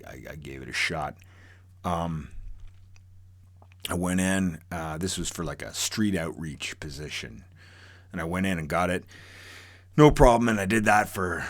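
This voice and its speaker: A man telling a true story from his own life in a casual, rambling, profane way, full of fillers and restarts. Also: low voice.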